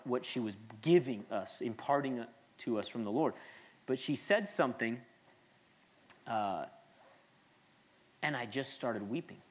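A man in his late thirties, a pastor preaching an earnest, conversational sermon with frequent restarts and asides. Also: medium pitch.

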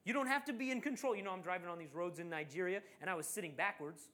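Speaking fast in a high voice, a male preacher narrates a Bible story in a sermon. His delivery is animated, and he takes on the voices of the story's figures.

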